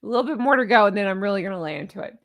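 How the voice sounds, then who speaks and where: A woman's voice: medium pitch, expressive, rapid-fire, fairly bright tone, dry recording. A woman hosting a commentary channel, talking in a sarcastic, exasperated, mocking way.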